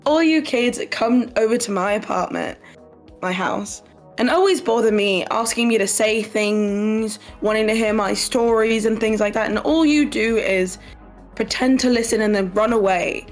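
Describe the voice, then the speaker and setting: A woman's voice: a little high, normal speed, faint music behind, natural voice. A woman playing a grumpy old drunk hermit. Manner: gruff, irritable complaining.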